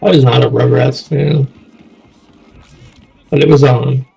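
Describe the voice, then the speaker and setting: Young man, gravelly voice, casual chat, rambling, swears a lot. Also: mid-range voice, steady tone, a little slow, warm tone, soft background music, poor audio. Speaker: streamer.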